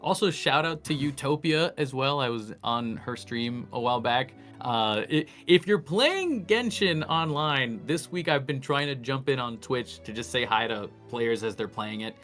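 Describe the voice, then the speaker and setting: A man's voice: mid-range voice, expressive, moderate pace, hardly any pauses, a bit bright, soft background music. A young man, a voice actor, chatting casually as an interview guest, laughing often and slipping into character voices.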